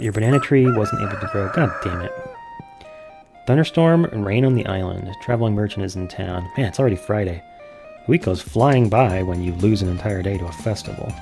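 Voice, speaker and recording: A man giving casual, profane, self-mocking let's-play commentary as he plays a farming game. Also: lowish voice. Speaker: gaming streamer.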